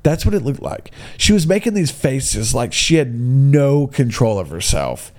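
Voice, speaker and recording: A man tells a story in a casual, ranting way. He is blunt and excitable, and his pitch leaps around a lot. He keeps tossing in "dude" as he goes. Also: measured pace.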